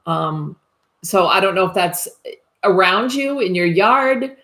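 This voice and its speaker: A woman's voice: medium pitch, lively intonation, slow, a bit bright. A woman working as a psychic medium, giving a live reading in a tentative, reassuring way and often checking whether she has things right.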